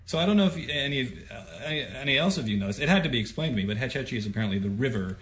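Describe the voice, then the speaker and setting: A man co-hosting a casual talk show and telling animated stories. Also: medium pitch, very fast. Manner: animated storyteller. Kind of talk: casual chat.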